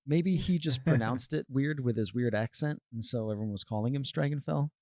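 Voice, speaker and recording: A man's voice: mid-range voice, a little fast, dark tone, dry recording. A man playing a tabletop game, making dry, joking banter in casual chat.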